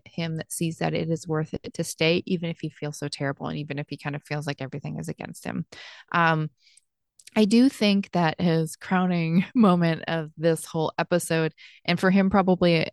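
A young adult woman hosts a casual solo podcast as a life coach, sounding reflective and chatty with plenty of fillers and restarts. Her voice sits low with a darkish tone, recorded at studio quality with no room sound.

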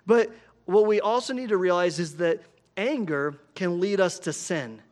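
High-voiced man preaching a sermon. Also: measured pace. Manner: conversational, animated storytelling with frequent "right?". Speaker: pastor.

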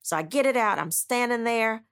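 A woman's voice: on the high side, expressive, moderate pace, a bit bright, clear, resonant tone. A woman, an author, retelling a personal story in a dramatic, blunt and emphatic way, with frequent asides. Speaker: author recounting her own story.

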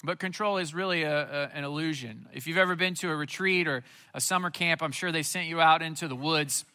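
A man's voice: fairly high pitch, brisk, bright, forceful tone, clean tone. A man preaching a Christmas Eve sermon, earnest and repeating phrases for emphasis. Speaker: pastor.

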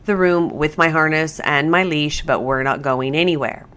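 A woman voicing the thoughts of a bored, calm female pet dog in a chatty way. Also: deep voice, moderate pace.

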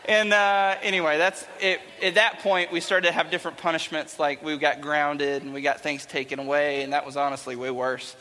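A man's voice: a little high, level tone, normal speed, few pauses, bright, forceful tone, a little hiss or hum. A young man giving a playful, chatty youth talk to a live audience in a large hall. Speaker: youth speaker.

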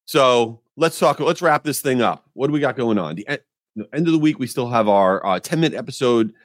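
A man's voice: medium pitch, brisk, dry recording, studio quality. Exasperated man ranting as podcast host. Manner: animated, exasperated storytelling. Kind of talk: ranting monologue.

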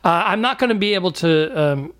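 A man's voice: high-pitched, lively intonation, a little fast, a bit bright. A man co-hosting a casual comedy podcast, rambling and laughing often as he chats. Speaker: podcast co-host.

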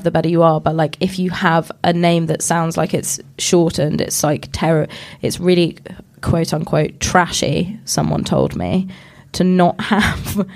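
A woman's voice: on the low side, darkish tone. A young woman from Scotland in casual chat, wry and ranting, acting out quotes.

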